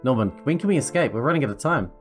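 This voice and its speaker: A man's voice: mid-range voice, lively intonation, racing, soft background music, lightly acted. A man voicing a desperate, protective young woman in a visual novel, reading her lines with urgent pleading.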